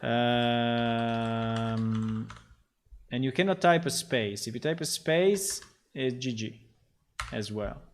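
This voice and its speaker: A game developer on a livestream talks casually to himself about his work, rambling, muttering, and getting frustrated enough to swear. His voice is medium-pitched and slow, with frequent pauses.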